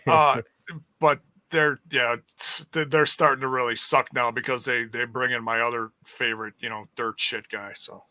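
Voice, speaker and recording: A man co-hosting a podcast who tells a story in an excitable, tumbling way. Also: mid-range voice, moderate pace, dry recording. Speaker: podcast co-host. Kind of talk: casual chat.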